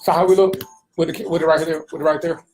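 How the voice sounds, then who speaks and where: A man's voice: fairly high pitch, fairly even intonation, fast talker, darkish tone, soft background music. A man hosting an internet radio talk show, slangy and casual, greeting viewers by name.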